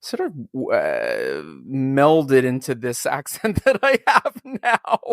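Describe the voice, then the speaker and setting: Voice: medium pitch, wildly swooping pitch, slow pace, no room sound, clean studio sound. A host from Long Island, reading an upbeat intro and then chatting with a guest. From Long Island, New York. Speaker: podcast host. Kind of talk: scripted intro then casual interview.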